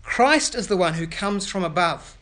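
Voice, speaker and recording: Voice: mid-range voice, expressive, normal speed, fairly bright tone. A pastor preaching an earnest sermon that explains scripture and puts questions to the children.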